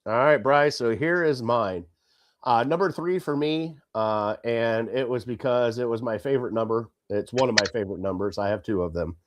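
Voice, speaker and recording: A man with an average-pitched voice co-hosting a sports podcast. He is relaxed and chummy, and his voice sounds dry and close. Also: moderate pace, dry recording. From Cleveland, Ohio area. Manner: relaxed and chummy, calls his co-host buddy. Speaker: podcast co-host. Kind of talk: casual sports chat.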